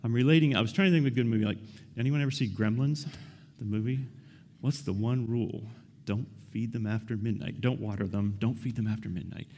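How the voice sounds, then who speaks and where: A man's voice: medium pitch, fairly quick, darkish tone. A man giving a casual, conversational sermon, asking his listeners questions and often adding "right?". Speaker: preacher. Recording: reverberant hall.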